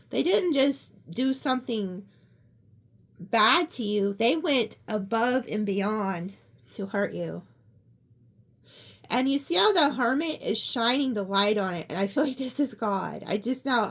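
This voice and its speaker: A woman giving a casual tarot card reading, chatty and excitable, often gasping. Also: a little high, gravelly. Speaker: tarot reader.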